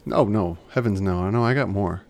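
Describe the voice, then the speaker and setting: A man with a low, gravelly voice talks through a casual podcast chat. He rambles along, restarts his sentences and circles back to his points. It sounds like a relaxed co-host just talking. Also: brisk, a little hiss or hum. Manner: chatty, rambling, self-correcting.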